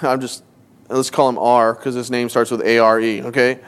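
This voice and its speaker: A man's voice: mid-range voice, level tone, moderate pace, clean tone. A man preaching a sermon as a pastor, reading scripture aloud and acting out the people he quotes with emphatic delivery.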